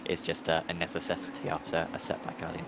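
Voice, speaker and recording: A man's voice: sits low, completely flat delivery, quick pace, gravelly, background noise. A man commentating on a sim race, talking in a rambling, hesitant way with lots of fillers and restarts.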